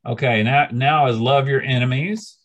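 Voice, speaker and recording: A man's voice: medium pitch, moderate pace, lo-fi sound. A man leading a study group, teaching informally with a rambling, hesitant manner and many restarts.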